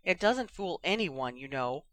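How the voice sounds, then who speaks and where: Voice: mid-range voice, animated, a little slow, a bit bright. A reader voicing Ginny, an earnest and blunt young woman who pleads directly. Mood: insistent.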